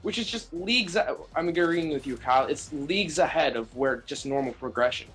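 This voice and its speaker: A man's voice: a little high, lively intonation, brisk, a bit bright, soft background music. A young man on a casual gaming podcast, eager and opinionated. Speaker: podcast guest.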